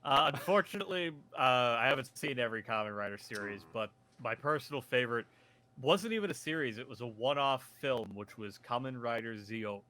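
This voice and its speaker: A man guests on a casual podcast and answers questions. His voice has a bright, forward edge, and he hesitates with small fillers as he thinks. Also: mid-range voice, lively intonation, brisk. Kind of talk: casual chat.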